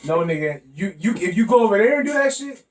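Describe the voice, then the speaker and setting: A man with a high voice talking bluntly and profanely in podcast banter, laughing along with his own jokes. His voice carries a roomy echo and sounds distant from the mic. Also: very animated, fast talker. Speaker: podcast co-host. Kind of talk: casual chat.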